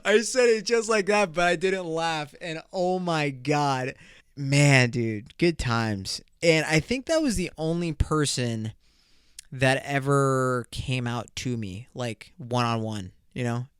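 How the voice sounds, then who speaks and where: A man's voice: mid-range voice, lively intonation, takes it slowly, clear, resonant tone, dry recording, clean studio sound. A man hosting a podcast, telling a story in loose, profane, casual talk and laughing often. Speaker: podcast host.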